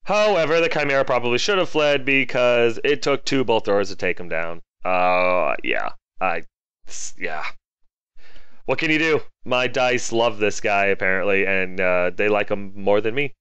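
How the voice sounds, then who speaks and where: A man talks through a tabletop battle turn by turn, chatty and self-deprecating, then breaks into comic exasperated rants. His voice is smooth and clear. It is close-miked in a dry space with a slightly dull, lo-fi sound. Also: lowish voice, lively intonation, normal speed, fairly bright tone, no room sound. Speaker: wargaming battle report narrator. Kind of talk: casual battle report voice-over.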